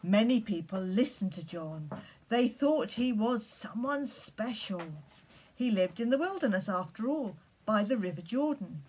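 Slow, husky-voiced woman leading children's worship. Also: medium pitch, animated. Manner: gentle, slow storytelling for children. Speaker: leader of school collective worship. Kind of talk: children's worship and story reading.

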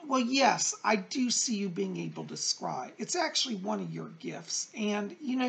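A middle-aged man hosting a psychic advice show, reading viewer letters aloud and answering them in a gentle, reassuring, chatty way. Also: sits high, gravelly. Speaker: psychic medium host.

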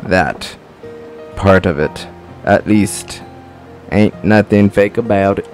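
A man reading game dialogue aloud as a gruff male gangster in a put-on Southern drawl. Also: fairly low pitch, slow, faint music behind. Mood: earnest.

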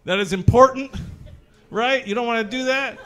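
A young man with a high voice performs crude stand-up at a brewery gig. He tells his stories with lively energy and acts out panicked voices in them. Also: moderate pace, faint music behind. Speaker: stand-up comedian. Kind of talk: stand-up comedy set. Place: brewery comedy show.

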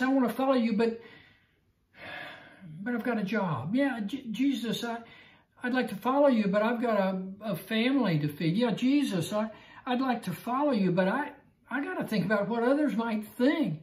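A man's voice: very high voice, a little mellow, voice pushed up. A man voicing the apostle Peter as an adult man stammering out pleading excuses. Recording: roomy echo.

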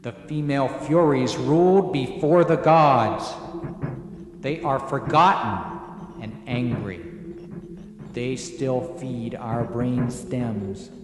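A man voicing the ghost of an old statesman, speaking softly with quiet authority. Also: medium pitch, takes it slowly, over music, natural voice. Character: ghostly old male statesman, tall, grave, commanding. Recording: echoey with steady background noise.

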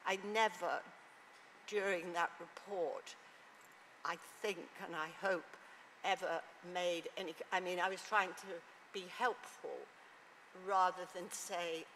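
A woman on a conference panel, thinking aloud in a halting, reflective way and restarting her sentences often. Her slightly low voice carries a long reverb from the hall, with faint room ambience behind it. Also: steady tone, a bit bright, a little hiss or hum. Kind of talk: panel discussion.

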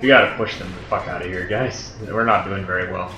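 A young man playing a video game and commentating, loud and profane, breaking into high yells when things go wrong. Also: steady tone, brisk, soft background music. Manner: loud, swearing, bursts into high-pitched yells. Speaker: gamer. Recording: roomy dull home recording.

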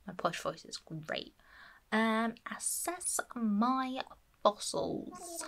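A woman's voice: a little high, very animated, very slow, fairly bright tone. A woman giving playful, chatty commentary while playing a life-sim game. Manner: playful, chatty, fond of cute characters. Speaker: gameplay streamer. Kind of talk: casual gameplay commentary.

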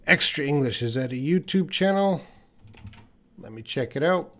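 A man in his forties, an English teacher giving a live-streamed lesson. He repeats phrases slowly for pronunciation practice and talks in a relaxed way, thinking aloud while he answers chat comments. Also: mid-range voice.

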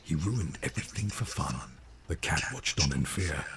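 A man narrating a rhyming bedtime story in a game, with a slow storyteller delivery. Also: rumbling low, expressive, a bit bright, heavily acted.

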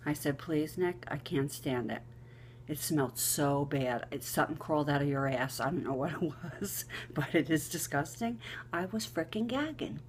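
Low-voiced middle-aged lady vlogging, cussing and giggling, faint hum behind. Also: normal speed. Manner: animated, salty, swears and giggles often. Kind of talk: casual storytelling vlog.

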